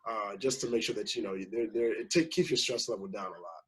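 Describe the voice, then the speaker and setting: Rough audio carries a slightly rough, low-ish male voice that talks fast. He's a first-time home buyer on as a guest, rambling casually through his tale and performing the voices of those he quotes.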